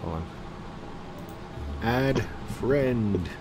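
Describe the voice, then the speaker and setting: A young man hosting a casual game session with friends, chatty and quick to get loud and excited. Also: medium pitch. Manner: chatty, gets loud and excited during play. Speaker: host gaming with friends. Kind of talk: casual gameplay chat. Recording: noisy home voice-chat recording.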